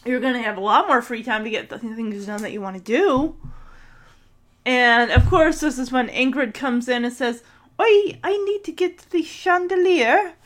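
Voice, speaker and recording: A woman's voice: a little high, moderate pace, a bit bright. A woman casually recapping a TV episode, chatty and giggly, retelling scenes with quoted lines. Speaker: podcast host recapping a TV episode. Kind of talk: casual chat.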